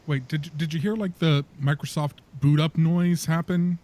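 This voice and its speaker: A man's voice: on the high side, steady tone, normal speed, darkish tone. A man in a casual podcast chat, asking dry, teasing questions.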